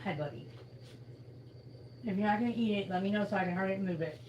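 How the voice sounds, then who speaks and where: A woman's voice: mid-range voice, quick pace, a little mellow, highs cut off, slight background noise. A tired woman in pain, chatting bluntly and swearing through a casual livestream.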